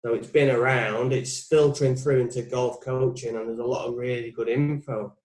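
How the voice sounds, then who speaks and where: A man's voice: medium pitch, fairly even intonation, moderate pace, a little mellow. Reflective man in his forties, roomy sound. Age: 40s. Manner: reflective, thinking aloud, muses with questions. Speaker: putting coach, guest. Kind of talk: casual coaching conversation. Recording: roomy echo.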